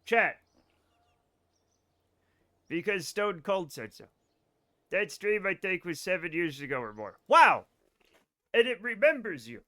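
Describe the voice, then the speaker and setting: With a high-pitched, sharp voice that swings widely in pitch, a man speaks slowly and leaves long pauses. He's live-streaming a space game in a casual way, rambling and joking with chat as he goes.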